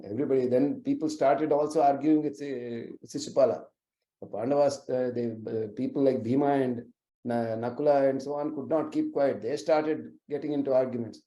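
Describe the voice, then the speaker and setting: Mellow-voiced man telling sacred stories. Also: medium pitch. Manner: earnest, explanatory, with frequent uh fillers and restarts. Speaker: storyteller. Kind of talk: religious storytelling lecture. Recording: roomy echoey recording.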